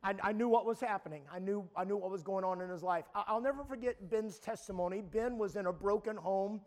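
A man preaching a sermon at a camp meeting, retelling a story with frequent stammering restarts and rising to shouts. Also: high-pitched, fairly quick. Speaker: pastor.

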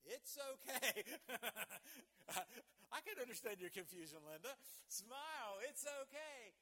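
A man preaching a sermon as pastor, swinging between loud emphatic lines and quiet asides, drawing the congregation into call and response. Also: very high-pitched, animated, a little slow. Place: church sanctuary.

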